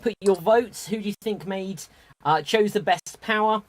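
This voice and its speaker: An upbeat man hosts a live online improv comedy show. He keeps things moving briskly and chuckles often as he hands the turn from player to player. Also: high-pitched. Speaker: host.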